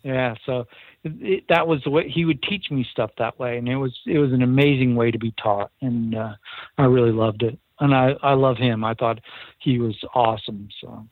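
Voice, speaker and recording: An interview with a recording engineer catches him sharing a studio anecdote in a mid-range voice at normal speed, earnestly acting out each bit of quoted dialogue. The recording is dry and comes through a tinny phone line.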